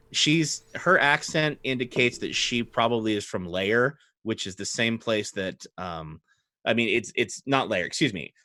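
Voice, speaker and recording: A man narrating as game master, relaxed and conversational. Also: on the low side, no echo, studio quality.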